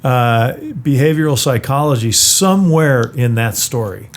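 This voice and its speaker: A man's voice: medium pitch, animated, measured pace, slight background noise. A middle-aged man talking as an interview guest, often restarting and repeating words as he thinks. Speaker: guest, brewery founder. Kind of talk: conversational interview.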